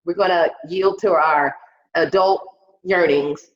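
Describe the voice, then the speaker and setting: A woman's voice: lowish voice, fairly even intonation, takes it slowly. Woman comic, raunchy storyteller, slightly muffled video call sound. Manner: bawdy, profane storytelling with acted-out quotes. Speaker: stand-up comedian. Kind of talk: stand-up comedy set over video call. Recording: roomy, dull video call audio.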